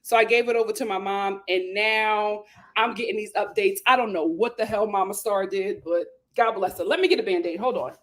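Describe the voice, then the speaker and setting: A woman's voice: medium pitch, a little fast. A woman hosting a casual live stream, ranting and greeting viewers by name.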